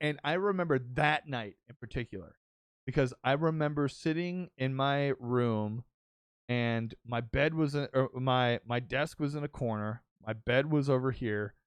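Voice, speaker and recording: A young man hosts a casual podcast, telling a story in an excitable rush full of swearing and false starts. His voice sits at a middling pitch. The recording is dry, with no room echo. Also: clear, resonant tone. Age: young adult. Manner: excitable storytelling, swears often, many restarts. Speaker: podcast host and streamer. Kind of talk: casual chat.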